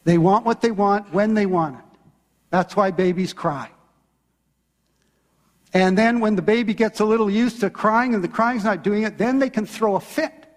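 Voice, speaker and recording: A man's voice: high voice, moderate pace, big-room sound. A man preaching a sermon as pastor, retelling a story with voiced quotes.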